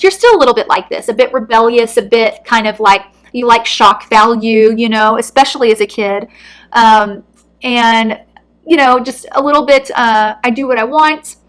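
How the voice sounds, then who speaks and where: Earnest, gentle woman tarot reader. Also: a little high. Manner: soft, earnest, emotional. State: close to tears. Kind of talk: intuitive card reading to camera.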